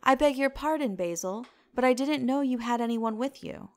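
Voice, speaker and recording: A woman's voice: high voice, moderate pace, a little mellow. A woman reading a petulant, charming young man. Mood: eager.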